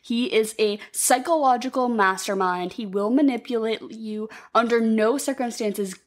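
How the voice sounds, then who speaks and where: A woman co-hosting a podcast, casually retelling a film plot in a rambling, animated way with lots of swearing. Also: a little high, moderate pace. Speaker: podcast co-host. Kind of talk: casual movie recap chat.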